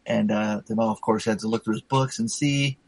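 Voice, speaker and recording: Fast-talking husky man swearing freely. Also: lowish voice, fairly even intonation, a little mellow, no room sound, low-quality recording. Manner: profane, rambling anecdote-telling with many fillers. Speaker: storyteller in a casual chat. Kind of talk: casual chat.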